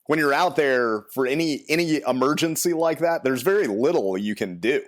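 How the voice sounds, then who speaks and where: A man's voice: mid-range voice, moderate pace. Male podcast host, mid-range voice, thoughtful and a little hesitant. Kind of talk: casual interview.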